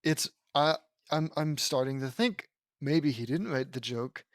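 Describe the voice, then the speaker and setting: A man's voice: mid-range voice, measured pace, no room sound. Sarcastic man ranting, dry close sound. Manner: sarcastic, rambling, increasingly exasperated. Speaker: fan fiction reader and critic. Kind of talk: mocking read-aloud with commentary.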